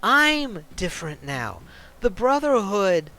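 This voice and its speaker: A man's voice: high voice, very animated, slow, bright, forceful tone, voice pushed up, heavily acted. A man voicing an earnest young man who pleads urgently with an ex-girlfriend. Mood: pleading.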